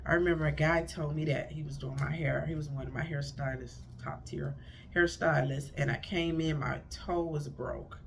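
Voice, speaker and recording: A woman's voice: low voice, steady tone, normal speed, creaky, a little hiss or hum. A middle-aged woman, a marriage counselor, giving blunt, rambling relationship advice, recorded on her phone. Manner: chatty, blunt, rambling with self-corrections. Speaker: marriage counselor and life coach vlogger. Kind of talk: casual advice monologue to camera.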